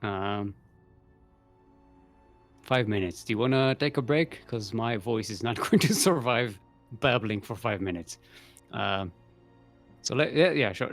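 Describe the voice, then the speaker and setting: A man's voice: medium pitch, lively intonation, moderate pace, long pauses, faint music behind. A young man casually casting a live game tournament, chatty and rambling, laughing often and a bit out of breath. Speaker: esports caster.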